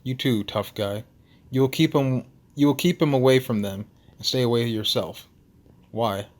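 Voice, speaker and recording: A hulking male lighthouse keeper with a Russian accent, put on by a man reading a story game. He speaks gruffly in short, clipped warnings, and his voice sits at an ordinary middle pitch. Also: moderate pace, a little mellow, natural voice. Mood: grave. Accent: attempted Russian.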